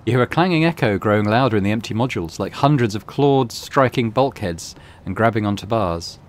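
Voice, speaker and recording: Low-voiced man narrating a game. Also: lively intonation, brisk, slight background noise. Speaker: let's play host. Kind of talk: game commentary and reading on-screen text.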